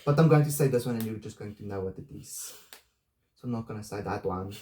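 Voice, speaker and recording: A man's voice: on the low side, quick pace, warm tone, reverberant, slight background noise. A man with a thick Afrikaans-tinged South African accent, playfully mangling words while reading a novel aloud for comedy.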